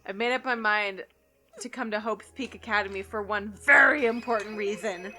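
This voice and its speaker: A woman reading the lines of a calm, reserved teenage girl detective, explaining in a cool, measured way. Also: medium pitch, close to an everyday voice. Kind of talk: reading game dialogue aloud.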